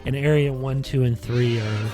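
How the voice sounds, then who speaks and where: A man talks through his podcast episode in a loose, rambling way, padding his sentences with "like" and "you know". His voice sits at an ordinary middle pitch, and faint music plays underneath. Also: fairly even intonation, normal speed, dark tone. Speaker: podcast host. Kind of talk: casual retrospective monologue. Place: in front of a green screen.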